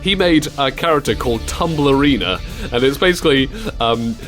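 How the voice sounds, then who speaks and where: A man's voice: medium pitch, lively intonation, moderate pace, a bit bright, soft background music. A young man hosting a radio show, chatting casually, often giggling and slipping into silly voices. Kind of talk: casual chat.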